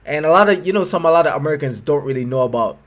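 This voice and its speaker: A man's voice: on the high side, lively intonation, rapid-fire. A young Jamaican man chatting casually as he reacts to a video, often restarting his sentences as he thinks aloud. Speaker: reaction vlogger.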